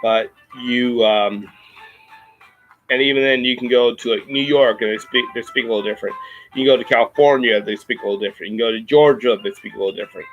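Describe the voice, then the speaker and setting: A man with a Midwestern American accent, explaining things in a casual chat, halting with many ums and restarts. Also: medium pitch, fairly even intonation, highs cut off, soft background music. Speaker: podcast host.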